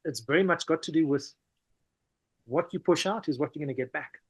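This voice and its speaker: A South African man, a podcast guest, telling stories in a lively, casual way, often saying "man" and "you know". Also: a little high, brisk, slightly rough, dry recording. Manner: animated, peppers talk with "man" and "you know". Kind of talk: casual conversational storytelling.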